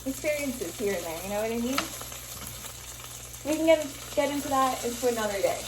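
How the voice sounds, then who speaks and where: A woman's voice: on the high side, animated, a little fast, noisy background. A young woman from Miami chatting casually while she cooks, rambling, swearing freely and laughing often as she cuts herself off. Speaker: vlogger. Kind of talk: casual chat while cooking. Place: kitchen, cooking bacon. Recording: echoey kitchen, sizzling pan, distant camera.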